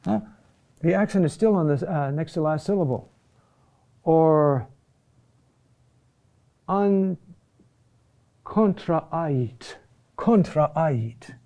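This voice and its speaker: A man teaching a class on chant, slow and halting, often repeating key words and checking in with "huh?". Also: fairly high pitch, creaky, dark tone. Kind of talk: classroom lecture.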